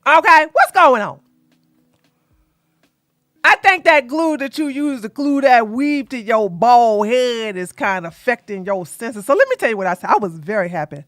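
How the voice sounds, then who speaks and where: A woman gives mocking drama commentary as a streamer, loud and sassy, often breaking into shouts. Her voice sits high and swings wildly up and down. It has a bright edge and a dry, close sound. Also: animated, normal speed, no echo.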